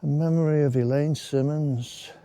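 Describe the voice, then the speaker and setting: A man rambles in a relaxed, mellow voice while out walking. He keeps up a chatty commentary with friendly asides, and his voice sounds dry and close to the mic. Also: fairly high pitch, moderate pace, no room sound. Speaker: walking vlogger. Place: outdoors in a wooded country park.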